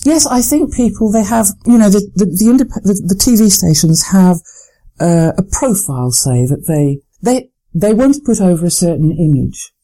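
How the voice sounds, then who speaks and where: A middle-aged woman from Lancashire who now speaks English, a former continuity announcer giving measured interview answers with some hesitant restarts. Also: medium pitch, animated, warm tone, poor audio. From Lancashire, England.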